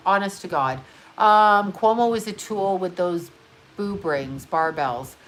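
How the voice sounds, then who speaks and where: This is a woman in her fifties hosting a casual livestream and rambling as she paints her nails. Her talk is blunt and full of swearing, and it drifts from one thing to the next. Her voice sits at an ordinary middle pitch. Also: expressive, a little slow, a bit bright. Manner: blunt, profane, chatty while doing her nails. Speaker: livestream host.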